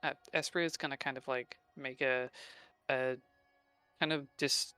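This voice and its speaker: A man's voice: medium pitch, steady tone, unhurried, bright, forceful tone, clean tone, no echo, soft background music. A man playing a tabletop game, describing his character's actions in a rambling, filler-heavy way.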